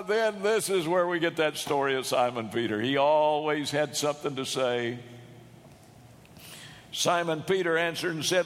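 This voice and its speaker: A man preaching a sermon, emphatic, rising to loud shouts when he quotes. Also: a little high, a little slow. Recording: long hall reverb.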